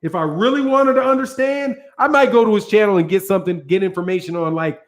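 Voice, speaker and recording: A high-voiced American man hosts his own boxing channel. He rants in loose, profane street slang, rambling and restarting as his points pile up. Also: quick pace. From United States. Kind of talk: casual ranting commentary.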